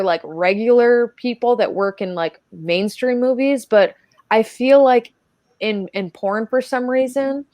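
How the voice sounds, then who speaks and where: A woman's voice: on the high side, a little mellow, no room sound. Chatty woman telling stories, dry sound. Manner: chatty, many filler "like"s. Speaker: podcast guest. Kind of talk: casual storytelling chat.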